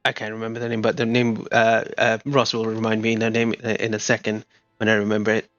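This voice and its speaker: A man narrating a tabletop game as game master, speaking haltingly with many fillers and restarts. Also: on the low side, monotone, a bit bright, dry recording. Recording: muffled lo-fi mic, faint music.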